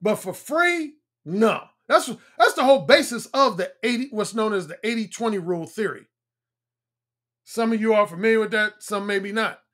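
A man in his fifties, a dating coach talking bluntly on a livestream, repeating his points and swinging between a high throaty tone and a deep resonant one. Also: animated, normal speed, fairly bright tone. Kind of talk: livestream talk.

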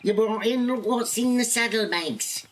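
A man's voice: sits high, unhurried, a little hiss or hum, voice pushed up, rough recording. A man voicing a cheeky medieval fence character in a game, brash and teasing.

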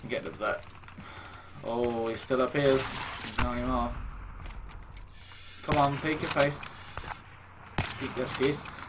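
A young man giving casual gameplay commentary, self-mocking and quick to swear and exclaim. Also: mid-range voice, fairly even intonation. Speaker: gaming YouTuber. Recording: game noise behind the voice.

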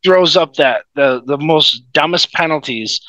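A man's voice: on the high side, unhurried, pushed and bright, no echo, dull audio. A man hosting a casual podcast interview, agreeing easily and adding his own stories about refereeing. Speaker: podcast host.

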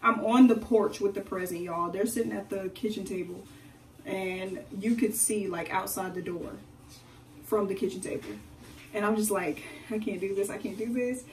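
A young woman, a beauty vlogger, chatting casually with viewers in an animated way as she tells a personal story during a hair routine at home. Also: mid-range voice, moderate pace, recorded from a distance, slight background noise. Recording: echoey room, away from the mic.

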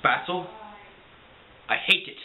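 A young man playing a vain, dramatic young gentleman in an amateur drama, with a theatrical, overwrought delivery. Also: takes it slowly, lightly acted. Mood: pleading. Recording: echoey, distant, tinny and lo-fi with hiss.

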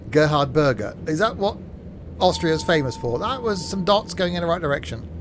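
A man streaming a game, chatting casually and joking while narrating his own driving. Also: a little high. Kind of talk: casual gameplay commentary. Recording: game vehicle noise in background.

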